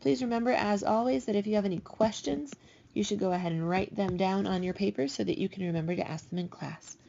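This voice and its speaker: A woman teaching a recorded language lesson, patiently explaining and slowing down to spell out each example. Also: mid-range voice, gravelly, mellow, a little hiss or hum. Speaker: Spanish teacher. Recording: dull lo-fi recording.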